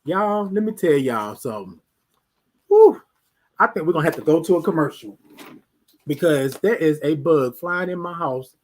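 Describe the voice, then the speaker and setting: A man with a high, husky voice hosts a live stream from his home. His pitch swings widely as he preaches, circling back to the same rhetorical questions again and again. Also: expressive, normal speed. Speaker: host of a live talk stream. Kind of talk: motivational live-stream talk.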